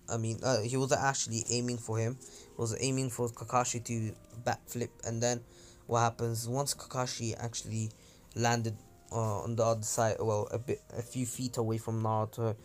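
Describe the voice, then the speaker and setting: A man casually retelling a fan story, rambling with fillers and frequent throat clearing. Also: mid-range voice. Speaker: channel host.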